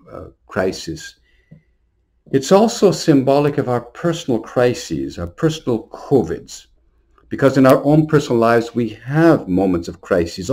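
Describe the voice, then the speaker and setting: A priest giving a short New Year homily in an earnest, storytelling way, sometimes repeating words. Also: male voice, mid-range voice, darkish tone. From Montreal.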